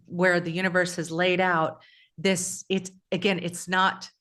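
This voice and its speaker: Low-voiced woman co-hosting a spiritual chat. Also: level tone, measured pace, fairly bright tone. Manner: reflective, storytelling, many restarts. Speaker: podcast co-host.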